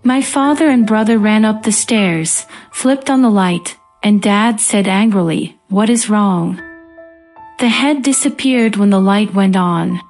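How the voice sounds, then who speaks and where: A woman reading a first-person ghost story as scripted narration in a calm, even manner. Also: mid-range voice, unhurried, few pauses, faint music behind.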